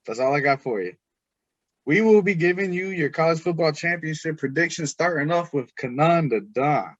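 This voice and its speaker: A man hosting a casual sports podcast, talking in an animated, teasing way. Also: on the high side, moderate pace, no echo, lo-fi sound. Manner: animated, teasing, mimics others' voices. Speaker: podcast host.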